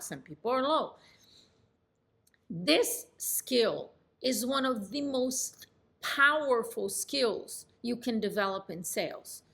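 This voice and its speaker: A middle-aged woman coaching on sales in an animated, demonstrative way. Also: a little high. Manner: animated and demonstrative, acts out phone calls. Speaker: real estate sales coach. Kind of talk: coaching lesson.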